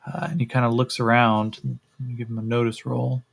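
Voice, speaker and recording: A man running a solo tabletop role-playing game on a stream, relaxed and thinking aloud with a lot of fillers and swearing. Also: mid-range voice, fairly quick, gravelly. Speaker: solo game master and player.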